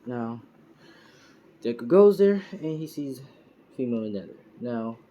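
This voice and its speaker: A man's voice: medium pitch, lively intonation, unhurried, muffled recording, slight background noise. A man casually retelling a fan-made story, rambling with lots of fillers and laughing at his own slips. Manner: rambling, full of fillers like "you know" and "pretty much".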